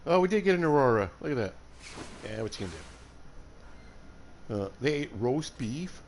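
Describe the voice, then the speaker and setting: A man with a Southern US accent, talking through a survival game for his viewers with jokey, chatty asides. His pitch swings up and down as he reacts. A faint hiss of noise sits under the voice. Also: animated, moderate pace. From Alabama. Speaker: game streamer. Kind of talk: casual gameplay commentary.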